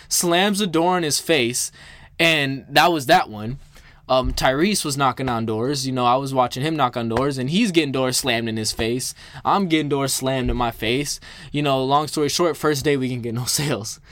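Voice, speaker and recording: A young man from Minnesota casually telling a story to the camera, animated and swearing freely, with lots of fillers. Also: medium pitch, dry recording.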